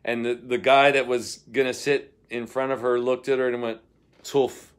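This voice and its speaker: A middle-aged man, a singer-guitarist, chatting casually between songs and telling a rambling story with soft laughs. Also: mid-range voice, flat delivery, moderate pace, smooth.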